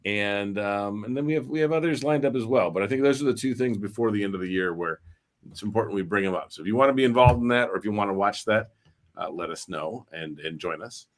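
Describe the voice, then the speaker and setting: Low-voiced man hosting a casual live stream. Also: quick pace. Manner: rambling, with many fillers and restarts. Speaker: host.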